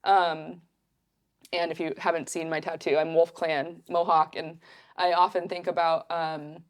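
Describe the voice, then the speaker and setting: A young woman guest on a podcast, telling stories in a casual, animated way with lots of fillers. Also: low-pitched, unhurried. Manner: animated, acts out quotes, many fillers. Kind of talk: casual storytelling.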